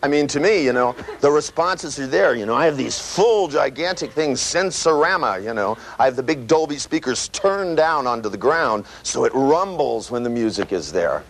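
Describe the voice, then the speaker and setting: A man giving a live seminar lecture, animated and profane, full of "you know" and "right", acting out sounds with his voice. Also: medium pitch, normal speed, few pauses. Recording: noisy old tape recording with clicks.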